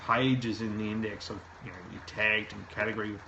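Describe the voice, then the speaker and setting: A man's voice: lowish voice, level tone, brisk, pushed and bright, dull audio, slight background noise. A man hosting a live show, reviewing a website aloud and giving plain, direct advice. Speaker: SEO consultant host. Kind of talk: live website review, talking while browsing.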